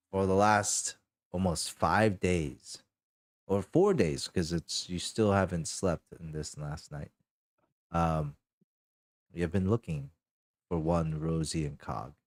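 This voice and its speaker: A man's voice: deep voice, slow, pauses often, dry recording. A man narrating a tabletop game as game master, rambling with lots of fillers.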